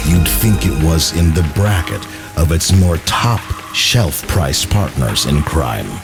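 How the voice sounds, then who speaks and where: Whiskey God, a man doing a gravelly fake-Irish deity. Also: heavily acted. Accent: mock Irish. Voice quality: deep gravelly drawl. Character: Whiskey God, solemn deep-voiced male whisky deity. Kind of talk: slow scripted whisky tasting notes. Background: music.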